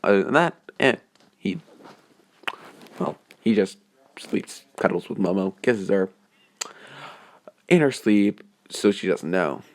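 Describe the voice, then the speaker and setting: A man's voice: lowish voice, expressive, takes it slowly, pauses often. A man narrating a fan story off the cuff, rambling with many hesitant restarts. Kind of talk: improvised fan story reading.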